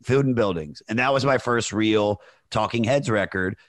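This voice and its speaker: A man's voice: fairly low pitch, moderate pace, no echo. A man telling a long story in casual podcast chat, rambling with many fillers. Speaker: podcast guest.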